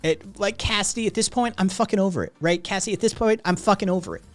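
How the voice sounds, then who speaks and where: A man's voice: sits high, fast talker, soft background music. A man hosting a livestream, telling a rambling, profane story to his chat with lots of "right?" asides. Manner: rambling, heavy swearing, frequent "right?" asides. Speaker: livestream host.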